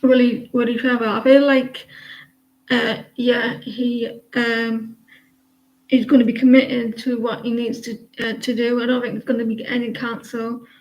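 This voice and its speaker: A woman reads tarot cards for viewers during a casual live stream, stopping often to restart her sentences and fill the gaps. Her voice sits a little high. The recording sounds dull and lo-fi. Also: level tone, a little slow, a little mellow. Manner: hesitant, many fillers and restarts. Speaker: tarot reader.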